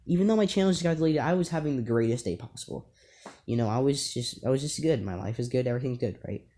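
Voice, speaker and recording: A man's voice: mid-range voice, animated, fast, dark tone. Young male vlogger, casual storyteller, rambling, filler-heavy, amused. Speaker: YouTuber.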